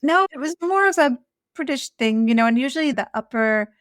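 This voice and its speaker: Her voice sits high and sounds animated, moving at a fairly quick pace. She co-hosts a podcast and is a former escort, chatting casually, laughing easily and recalling stories, all captured in studio quality with no room sound.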